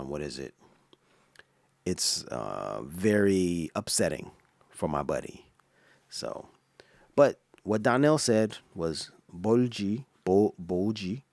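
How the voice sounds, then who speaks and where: A man giving an explaining commentary on a clip, slow and patient, with many fillers and restarts. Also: low voice, a little mellow, no room sound. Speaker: reaction vlogger.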